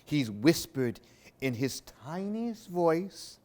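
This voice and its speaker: Slow, expressive male storyteller. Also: on the high side. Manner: expressive, sing-song. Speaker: storyteller for a library program. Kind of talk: reading picture books aloud.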